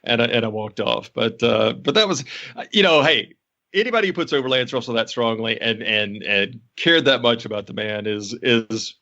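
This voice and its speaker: Bright, animated man telling stories. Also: medium pitch, moderate pace, highs cut off. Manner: animated storyteller, many restarts and laughs. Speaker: podcast co-host. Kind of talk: casual chat.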